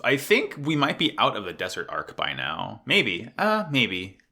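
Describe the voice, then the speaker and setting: Animated, bright-voiced male podcast co-host. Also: unhurried, vocal fry. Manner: excitable, swears often, swings up and down in pitch. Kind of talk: casual chat.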